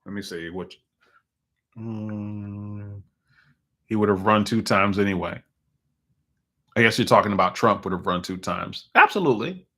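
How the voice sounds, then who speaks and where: A man talks into a desk microphone while hosting his own live call-in stream. His voice is bright and forward. He rambles through opinionated political commentary in an animated way, restarting sentences and chuckling as he goes. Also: fairly low pitch, unhurried, long pauses.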